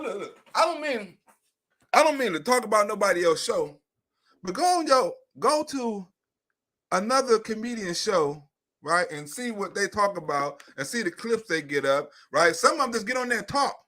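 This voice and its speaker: A high-pitched man with a bright, sharp edge to his voice holds forth in a loose livestream monologue. He is profane and animated, repeating himself as he builds each point. His laughs break up the rant. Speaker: comedian and YouTube host.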